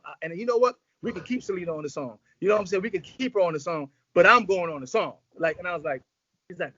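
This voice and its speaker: A man's voice: high-pitched, expressive, fast talker, pushed and bright. Slangy man telling stories, muffled sound. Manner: loose, rambling, slangy, acts out quotes. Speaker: music executive guest. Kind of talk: casual storytelling interview.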